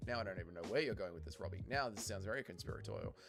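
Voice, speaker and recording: A man's voice: low voice, expressive, rapid-fire, music in the background. An Australian man hosting a casual livestream and reading chat, rambling and blunt, calling people mate and swearing now and then.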